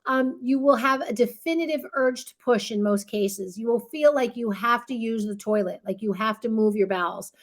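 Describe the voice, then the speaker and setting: A middle-aged woman with a high voice walks expectant parents through the stages of labor. She talks in a relaxed, conversational way and keeps checking in with her listeners. When she plays the staff in the room, she acts out what they say. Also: moderate pace, few pauses. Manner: chatty, reassuring, keeps checking in with "right?"; acts out what midwives and nurses say. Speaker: childbirth educator. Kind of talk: casual instructional talk with a demonstration.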